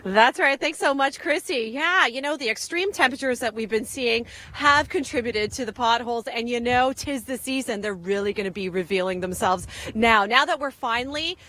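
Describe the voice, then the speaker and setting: Chatty young canadian woman doing live weather outside, high bright voice, lots of you-knows. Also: moderate pace, hardly any pauses. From Ontario, Canada. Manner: chatty, upbeat, lots of fillers. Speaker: field weather presenter. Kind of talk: live outdoor weather report. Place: outdoors in cold wind.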